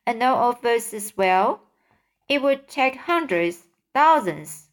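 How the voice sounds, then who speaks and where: A woman voicing an old male grasshopper, lively and persuasive, in a storybook reading. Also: a little high, slow pace. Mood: eager. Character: old green male grasshopper, wise, sharp.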